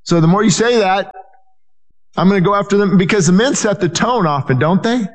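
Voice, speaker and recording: Male pastor, sermon delivery, earnest, repeats himself, voices quoted people, fairly high voice. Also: brisk. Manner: earnest, repetitive, restarts phrases, acts out quoted voices.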